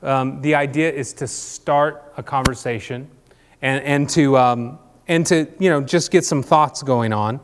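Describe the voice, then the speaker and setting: A man's voice: mid-range voice, measured pace, slight background noise. Man leading a church discussion in a hall. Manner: conversational, many fillers and restarts, asks questions. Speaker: church group leader. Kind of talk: informal church talk leading table discussions. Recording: long reverb from a hall.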